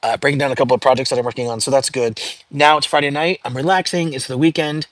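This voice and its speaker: A man hosting a casual livestream from home, chatting loosely with viewers, greeting them by name and filling pauses with "um" and "like". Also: medium pitch, fairly even intonation, dry recording. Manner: chatty, frequent fillers, reads out viewer comments. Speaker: livestream host.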